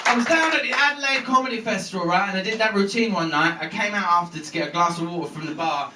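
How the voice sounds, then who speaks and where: A man's voice: high voice, quick pace, noisy background. A man performing a live stand-up comedy set, telling stories with lots of swearing and acted-out voices. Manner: swearing, animated storytelling with voices. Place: comedy club stage with laughing audience. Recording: roomy bootleg audio from far off.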